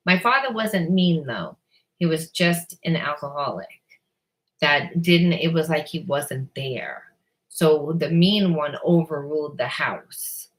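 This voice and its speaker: A woman's voice: sits low, lively intonation, slow. A woman giving a spiritual card reading, rambling and blunt, often repeating herself and swearing casually. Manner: rambling, repeats words and restarts. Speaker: psychic reader.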